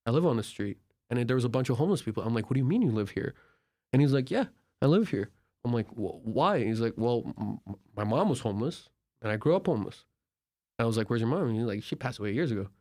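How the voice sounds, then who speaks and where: A young man from Turkey, guesting on a podcast, talks at a quick pace in a medium-pitched voice. His travel tales are casual and lively, filled with filler words and acted-out dialogue.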